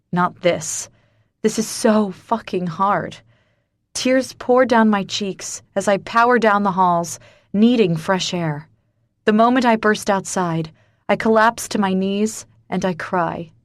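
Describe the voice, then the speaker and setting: A woman narrating a first-person romance audiobook in a soft, emotional, hushed way. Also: medium pitch, no room sound, studio quality.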